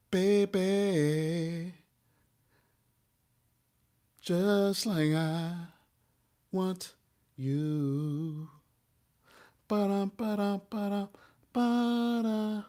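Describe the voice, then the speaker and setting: A man's voice: sits high, darkish tone, voice pushed up. A man imitating a lovesick man who croons and half-sings, drawn out, to his ex.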